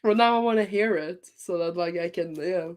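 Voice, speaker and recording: A woman with a Norwegian accent talks through a cold, her voice a bit congested. Her voice sits slightly low, and she chats easily with laughs between her words. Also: normal speed, darkish tone. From Norway. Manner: chatty, laughs while talking. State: has a cold. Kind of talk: casual livestream chat.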